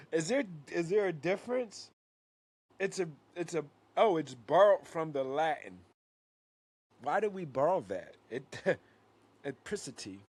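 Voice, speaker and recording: A man co-hosting a casual podcast, loud and profane, mock-outraged and tripping over his words. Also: on the high side, expressive, takes it slowly, long pauses, slightly rough, dry recording. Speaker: podcast co-host.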